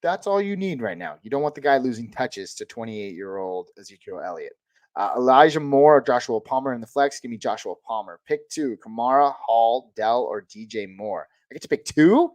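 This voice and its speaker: A man hosting a live-stream Q&A, answering viewer questions in a relaxed, chatty way and calling people dude and man. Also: medium pitch, moderate pace, no echo. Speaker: host of a live fantasy football Q&A stream.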